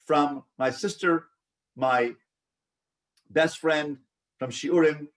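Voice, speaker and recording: A rabbi teaching a support group, with a slightly high voice that comes from some distance away from the mic. He coaches the listeners, poses questions to them, and acts out the responses they could give. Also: very slow. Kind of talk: teaching a live online group session.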